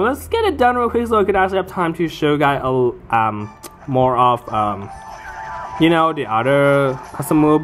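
Excitable gamer with a lively, swooping voice. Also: mid-range voice. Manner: excitable, swears and laughs while playing; talks in short broken phrases. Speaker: gamer narrating own play. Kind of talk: casual let's-play commentary.

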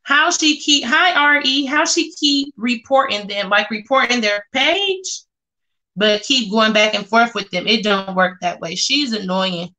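A chatty woman speaks, reacting to viewer comments on a casual live stream. Her voice sits a bit high and rings bright and sharp. She talks with plenty of sass and loud exclamations. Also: measured pace. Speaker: vlogger reading live chat.

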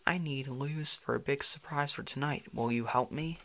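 A man voicing a cheerful young girl explorer in an upbeat, eager storybook reading, keeping close to his own mid-pitched voice. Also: moderate pace, sharp tone.

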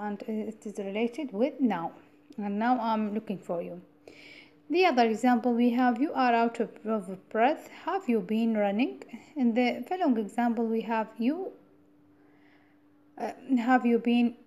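A woman's voice: a little high, mellow. A woman from Iraq giving a university grammar lecture, explaining step by step, repeating key points and asking rhetorical "what?" questions. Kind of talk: recorded classroom lecture.

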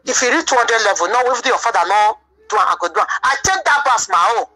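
A Nigerian woman tells her side of a marriage dispute in a rambling, defensive way and repeats her points. Her voice is bright and sharp and sits a little high. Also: very animated, fast, rough recording. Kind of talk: emotional personal account.

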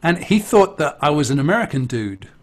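An English man, a musician, telling a casual anecdote in an animated, chatty way with amused asides. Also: fairly high pitch, a little fast. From England. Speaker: interviewee, musician.

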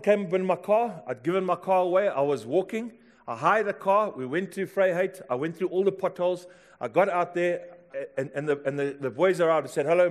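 A middle-aged man with a South African English accent, preaching a sermon in a church, telling stories and swinging from hushed asides to loud calls. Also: a little high. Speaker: pastor.

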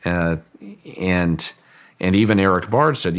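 Deep-voiced man telling a story haltingly. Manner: halting, often repeats words while telling a story. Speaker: guest, ranch owner recounting a story. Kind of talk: interview storytelling.

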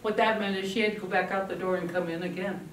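Older woman, parenting speaker, lively storyteller; distant mic in an echoey room with faint noise behind. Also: mid-range voice, fast. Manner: lively storytelling, acting out quoted family voices. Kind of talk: talk to an audience.

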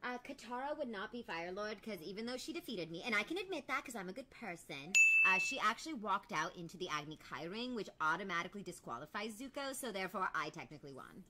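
A woman's voice: mid-range voice, big pitch swings, quick pace, few pauses, background noise, natural voice. A woman voicing a scheming, boastful young princess, trading smug, teasing banter in character while playing a game. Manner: smug, teasing, self-satisfied. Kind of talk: in-character let's-play banter.

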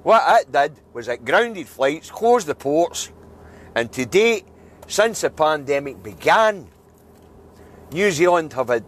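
A man's voice: medium pitch, a little hiss or hum. A Scottish man giving an angry, blunt news review, swearing freely and building to emphatic outbursts. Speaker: political video commentator.

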